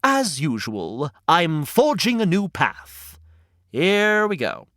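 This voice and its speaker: An eager male hedgehog sidekick , played by a man, murmurs his observations like a hushed nature documentary narrator. His delivery is slow and swoops widely in pitch, heard dry and close with faint music behind, in a storybook podcast skit. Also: wildly swooping pitch, no echo, full character voice. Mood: earnest.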